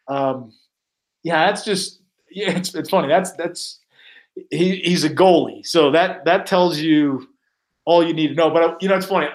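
A man, a sportscaster guest on a podcast, telling casual stories and acting out what his colleagues said. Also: fairly high pitch. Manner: animated anecdotes, acting out quoted colleagues.

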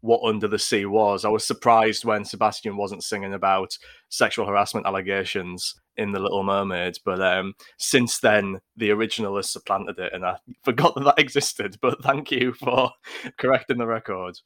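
Self-deprecating lecturer, lower voice. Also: male voice, steady tone, moderate pace, a bit bright, no echo, studio quality. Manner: self-deprecating, laughs easily. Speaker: lecturer and podcast co-host. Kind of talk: casual podcast chat.

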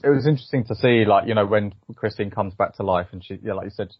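A man's voice: fairly low pitch, fast talker, husky, no room sound. A man co-hosting a podcast, musing thoughtfully about an episode in casual chat with many "you know"s. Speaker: podcast co-host. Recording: dull lo-fi, dry.

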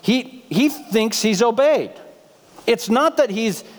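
Male pastor, sermon delivery, high pitched and chatty with jokes, reverberant sanctuary. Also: animated, slow pace. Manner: humorous, conversational, asks the congregation questions. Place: church sanctuary.

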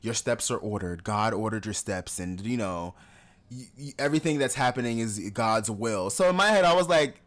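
A man's voice: medium pitch, moderate pace. Candid laughing man telling stories. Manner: candid, laughs often, animated when acting out others. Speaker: podcast co-host. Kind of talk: casual conversational storytelling.

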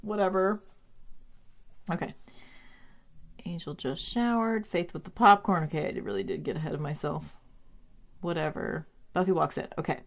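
A woman chatting casually as she recaps a TV episode, animated, with lots of "like" and some swearing. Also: lowish voice, normal speed, pauses often.

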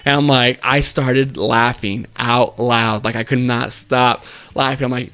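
A man's voice: medium pitch, steady tone, unhurried, few pauses, a bit bright, clean tone. A man, a paramedic co-hosting a podcast, telling work stories in casual chat, swearing often, laughing and acting out what people said. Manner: profane, laughing, acts out quotes.

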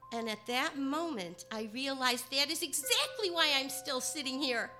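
A woman from Chicago telling a personal story, partly in rhyming verse, moving between hushed and emphatic delivery. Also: high voice, lively intonation, moderate pace, hardly any pauses, faint music behind. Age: adult.

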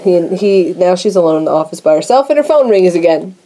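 A woman with a mellow, warm voice co-hosts a movie podcast. She recaps film scenes in a loose, chatty way, tossing in quick asides and laughing often. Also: fairly low pitch, lively intonation. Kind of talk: casual chat.

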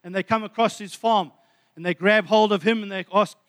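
Preaching a sermon in a high-pitched, slightly bright voice, a man retells a story at a little fast pace with a steady tone. He often calls his listeners friends and stumbles, restarting many times.

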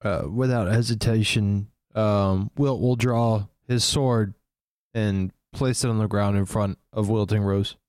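A man's voice: on the low side, fairly even intonation, measured pace, darkish tone, dry recording. A man playing a tabletop game, describing his character's actions in a plain, matter-of-fact way. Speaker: player.

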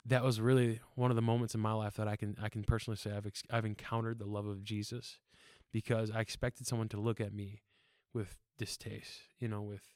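A young man with a somewhat low voice chats on a podcast, earnest and rambling, with frequent laughs and fillers. The sound is dry and close. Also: little pitch movement, brisk, few pauses, darkish tone, no room sound. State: tearful. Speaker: podcast guest. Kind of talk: casual podcast chat.

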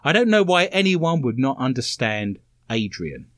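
A man's voice: medium pitch, very animated, normal speed, a bit bright, dry recording. A man hosting a comedic radio talk show in a studio, playful and teasing, full of innuendo.

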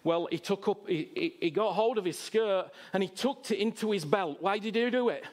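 Impassioned high-voiced male preacher. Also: moderate pace. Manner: impassioned, swings between loud exhortation and quiet asides. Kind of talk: sermon.

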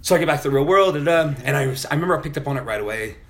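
A man's voice: on the high side, lively intonation, racing, vocal fry, a bit bright, a little hiss or hum. A middle-aged man telling a personal story in a casual podcast chat, candid and full of swearing. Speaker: podcast guest.

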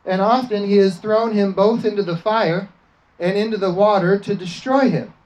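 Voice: mid-range voice, fairly even intonation, normal speed, darkish tone, rough recording. A preacher giving a fervent sermon, often asking the congregation for an amen and slipping into acted quotes.

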